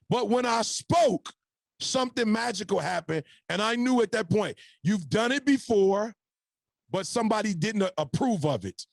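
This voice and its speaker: A man's voice: very high voice, gravelly, no echo. A man and podcast guest telling his life story in a punchy, preacher-like motivational style, speaking to the audience as y'all.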